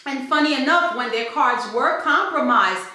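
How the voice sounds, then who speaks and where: A woman's voice: high-pitched, lively intonation, moderate pace, sharp tone. A woman giving an emphatic, preachy motivational talk to parents and repeating points for stress. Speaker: family vlogger. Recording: very echoey room.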